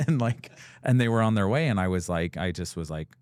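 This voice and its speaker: A man's voice: fairly low pitch, expressive, a little fast, a little mellow, clear, resonant tone, dry recording, clean studio sound. A man, a business owner and guest, telling his story in a casual, rambling way with many fillers and acted-out quotes. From United States. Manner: rambling, full of "like" fillers, acts out quoted dialogue.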